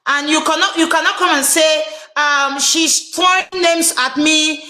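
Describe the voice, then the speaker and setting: A woman's voice: high-pitched, steady tone, measured pace, bright, forceful tone, reverberant. A woman with a Nigerian accent hosting a live stream, flustered and pleading as she switches between English and pidgin.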